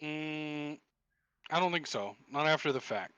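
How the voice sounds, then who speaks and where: A man narrating as game master for a tabletop game, describing scenes haltingly with many fillers. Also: a little high, expressive, bright, forceful tone, smooth, dry recording, highs cut off.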